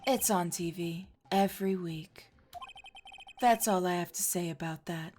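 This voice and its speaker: A woman's voice: fairly low pitch, slow, soft background music. A woman voicing an aloof, cold female film producer, reading game dialogue in a curt, disdainful way. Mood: dismissive.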